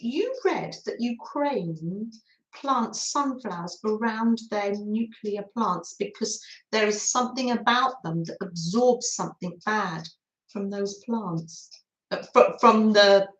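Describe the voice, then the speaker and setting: A woman's voice: mid-range voice, slow. Older woman, craft livestream host, chatty, reads comments aloud, echoey room.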